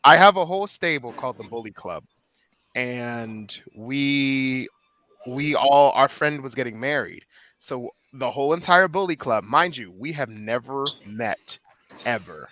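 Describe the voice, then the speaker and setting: A man of middle pitch with a sharp, bright tone comes through a dull, muffled voice chat mic. He chats casually and hesitantly, restarting his sentences and letting them trail off. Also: lively intonation, measured pace, no echo.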